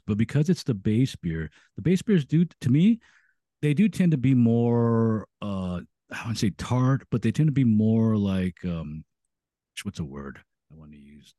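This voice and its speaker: A man's voice: fairly low pitch, big pitch swings, normal speed, mellow, dry recording, studio quality. A man co-hosting a casual beer podcast, hesitant and often searching for the right word. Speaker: podcast co-host. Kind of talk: casual chat.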